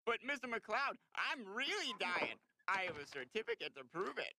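An actor voicing a dim teenage boy in a cartoon, pleading slowly with his teacher. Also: high voice, sing-song, pushed and bright, heavily acted. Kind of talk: animated sitcom dialogue.

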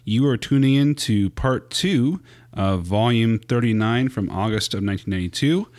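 A man's voice: mid-range voice, normal speed, a little mellow. Man, podcast host, casual intro, organized.

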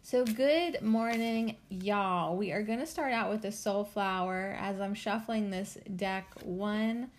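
A woman's voice: mid-range voice, slow, few pauses. Bubbly, chatty woman podcast host. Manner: bubbly and chatty, giggles often; loose, rambling talk with many fillers. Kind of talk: casual solo podcast chat.

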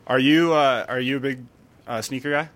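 A man's voice: medium pitch, normal speed, a bit bright. A man co-hosting a podcast in casual chat, blunt and swearing freely.

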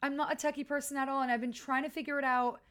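A woman's voice: sits high, flat delivery, very fast, a bit bright. A woman hosting her own podcast, telling a rambling, self-deprecating story in a chatty, casual way into a home mic. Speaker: podcast host. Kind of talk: casual story-time monologue. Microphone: home podcast mic with wire.

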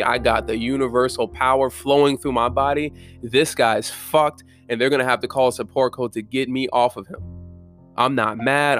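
A man's voice: medium pitch, a bit bright. Profane, fervent man, faint guitar behind. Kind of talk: casual motivational monologue.

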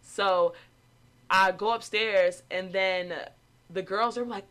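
A young woman tells a story casually, like she is chatting with friends. She acts out each quote, jumping her voice up high for the people she quotes. Her delivery stays animated and lively. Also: slow pace. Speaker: after-school program staff.

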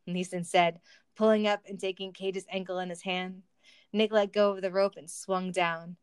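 A woman's voice: fairly low pitch, flat delivery, moderate pace, clear, resonant tone, dry recording. A woman reading a silly story aloud for comedy, with wry asides and laughter. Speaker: reader of a fan story.

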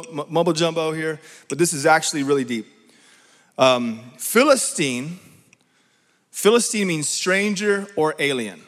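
A male pastor delivers a sermon with emphatic drive, pausing to check in with rhetorical questions. His voice sits a little high for a man. The sound carries a long reverb, as if from a large church sanctuary. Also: fairly bright tone.

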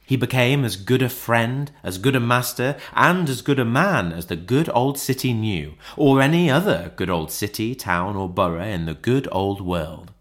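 A man narrating a classic audiobook in an expressive, theatrical way. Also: mid-range voice, moderate pace, hardly any pauses.

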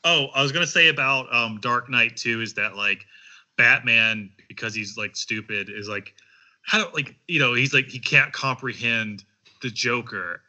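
Bright-voiced man in crude banter. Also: mid-range voice, dull audio. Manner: rambling, halting, slips into mocking impressions.

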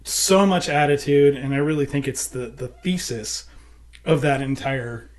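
A man's voice: medium pitch, unhurried. An American man talking casually about songwriting, explaining ideas and humming musical examples. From United States. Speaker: songwriter and producer. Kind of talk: casual conversation.

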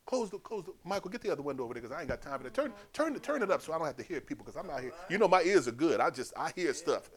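A preacher voicing God as an offhand boss. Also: male voice, fairly high pitch, very animated, very fast, hardly any pauses. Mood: dismissive. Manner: offhand, hushed, dismissive. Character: casual bored male deity, offhand and dismissive.

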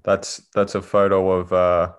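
A man co-hosting a podcast in casual chat, blunt and quick to interject. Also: low-pitched, monotone, smooth. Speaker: podcast co-host.

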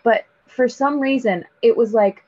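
An actress chatting as a podcast guest, bubbly and self-deprecating with frequent "like"s. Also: female voice, on the high side, unhurried, darkish tone, no echo, lo-fi sound. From United States. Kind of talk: casual podcast interview.

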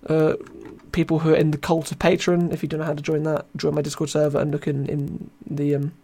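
Brisk and monotone, a young British podcast host speaks in a slightly high, gravelly, mellow voice. He's running a casual live show, tired and thin-voiced, rambling, joking at his own expense, and reading chat aloud.

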